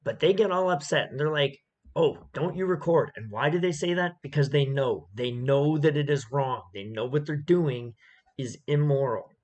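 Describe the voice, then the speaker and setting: A man's voice: medium pitch, normal speed, darkish tone. A man giving opinionated commentary on a video clip, emphatic and repetitive, often checking in with "okay?".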